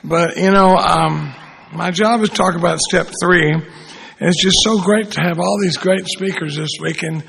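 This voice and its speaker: A man in his sixties speaks in a high, gravelly voice with plenty of fry. He talks in a folksy, rambling way, circling back and restarting his sentences, as he addresses a convention room at a recovery gathering. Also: normal speed, fairly bright tone, slight background noise. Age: 60s. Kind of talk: conference talk with storytelling.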